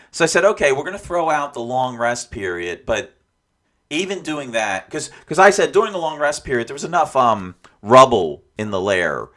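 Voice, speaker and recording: A man talks through his tabletop campaign in a loose, rambling way, circling back and restarting his sentences. His pitch rises and falls a lot as he goes. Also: fairly bright tone. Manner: rambling, with many restarts and asides. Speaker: dungeon master reflecting on his game. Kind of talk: casual spoken reflection.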